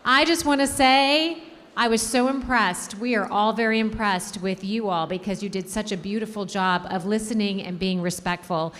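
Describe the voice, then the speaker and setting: A woman's voice: mid-range voice, fairly even intonation, moderate pace, a bit bright. Upbeat school host woman. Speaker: school staff hosting assembly. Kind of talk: addressing students. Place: school auditorium. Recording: long hall reverb.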